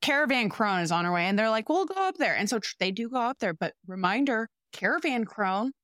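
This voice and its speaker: A woman's voice: mid-range voice, brisk, a bit bright, no room sound, studio quality. A woman co-hosting a podcast, animatedly retelling a film's plot in casual chat, with swearing and playful sound words. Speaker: podcast co-host. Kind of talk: casual movie recap chat.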